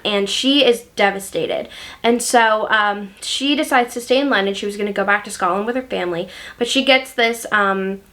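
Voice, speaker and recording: A woman's voice: fairly high pitch, a bit bright. A woman chatting casually about books she loves, gushing and using many fillers. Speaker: book reviewer. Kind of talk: casual book review chat.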